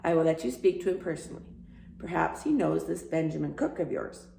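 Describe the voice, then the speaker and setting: A woman's voice: low-pitched, fairly quick, creaky, mellow, slight background noise. A woman voicing a bumbling, over-polite city hall clerk on the telephone in a storybook. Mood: officious.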